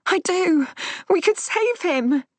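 A woman voicing a horrified young woman whose speech is high, urgent and tearful. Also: lively intonation, takes it slowly, no room sound, heavily acted. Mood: panicked.

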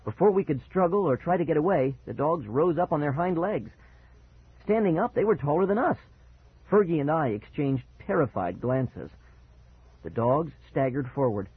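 A man's voice: medium pitch, slightly rough, no room sound. A man narrating a first-person scary children's story on audiobook, dramatic and building suspense, on a muffled cassette recording.

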